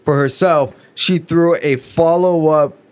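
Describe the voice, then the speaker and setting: A man's voice: on the high side, steady tone, a little slow, darkish tone, clean tone. A man co-hosting a podcast in casual chat, blunt and crude, who mostly answers with short agreeing replies. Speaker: podcast co-host.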